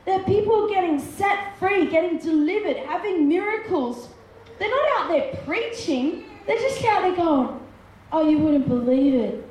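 A woman delivers an emphatic sermon in a high voice, lingering slowly over each phrase and repeating words for force. Her voice rings through a strongly echoing hall with a faint hum of ambience behind it. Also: expressive, darkish tone. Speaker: preacher. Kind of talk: sermon with Bible reading. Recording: echoey room with faint ambience.

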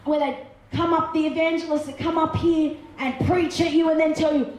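A woman's voice: sits high, moderate pace, darkish tone, a little hiss or hum. A woman preacher giving a sermon with Bible readings, emphatic and repeating words for effect. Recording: echoey room with faint ambience.

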